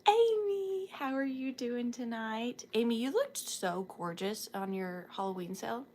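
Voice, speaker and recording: A woman's voice: fairly high pitch, animated, a little slow, few pauses, darkish tone, slight background noise. A sleepy woman with a Southern US accent hosting a live sale stream, chatting casually and greeting viewers by name, sometimes dropping to a whisper.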